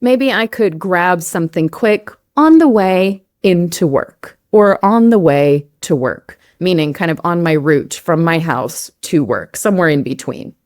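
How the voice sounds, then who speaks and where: Lively American woman teaching English. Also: fairly low pitch, unhurried, hardly any pauses, no echo, studio quality. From United States. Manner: lively, laughs often, repeats for emphasis. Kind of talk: casual teaching chat.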